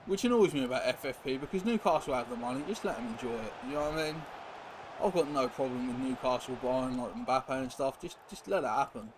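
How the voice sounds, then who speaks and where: A young man streaming football speaks briskly in a mid-range voice. His talk is casual, rambling live-stream chat, driven by viewers and the gameplay, and the recording has noisy background hiss.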